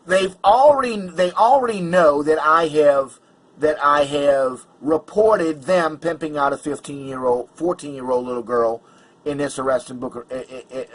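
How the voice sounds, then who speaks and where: A man's voice: fairly high pitch, fairly bright tone, low-quality recording. A man vlogger telling a personal story in an agitated, emphatic way, stumbling over restarts. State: angry and worked up.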